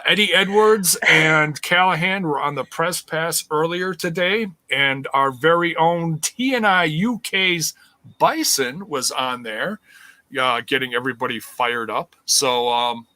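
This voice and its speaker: A man's voice: on the high side, sharp tone, no room sound. A man co-hosting a casual wrestling podcast, reading out the news in a rambling way with many fillers.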